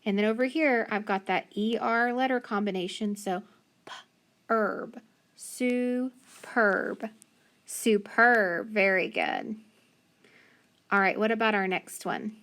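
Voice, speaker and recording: A woman teaching a phonics lesson, slowly and patiently sounding out letters and syllables. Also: medium pitch, fairly bright tone.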